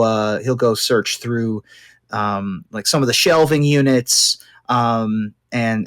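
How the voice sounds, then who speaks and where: A game master narrating a tabletop game in a rambling way, with many fillers. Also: medium pitch.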